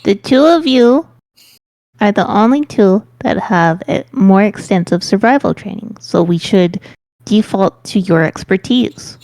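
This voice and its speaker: A woman playing a tabletop game, reasoning in a dry, measured way. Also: medium pitch, lively intonation, darkish tone, no echo. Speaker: player. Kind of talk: tabletop role-play chat.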